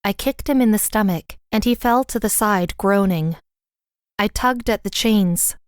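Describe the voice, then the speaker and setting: Smooth-voiced woman reading an audiobook. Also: mid-range voice, measured pace, dry recording, studio quality. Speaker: audiobook narrator. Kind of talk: scripted first-person fantasy audiobook narration.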